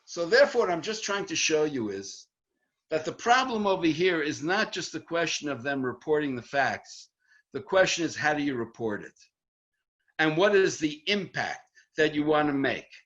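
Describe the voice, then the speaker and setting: A man, a rabbi, teaching the weekly Torah portion in an online lesson, emphatic and acting out the quotes he reads. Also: moderate pace. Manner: animated, emphatic, acts out quotes with rising pitch. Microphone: video call. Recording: dull lo-fi online audio.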